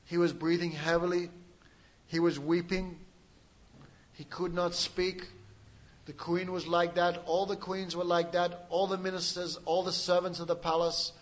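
A man's voice: high-pitched, rough recording. A man preaching a sermon, telling a story with dramatic, emotional delivery and acting out the quotes. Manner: laughs at his own jokes.

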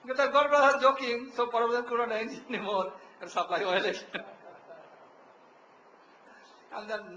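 High, bright-voiced monk, echoey. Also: male voice, fairly even intonation, moderate pace, long pauses, highs cut off, slight background noise. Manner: laughs often while telling, acts out quoted voices. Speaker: monk telling stories of his guru. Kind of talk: devotional storytelling talk. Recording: echoey room.

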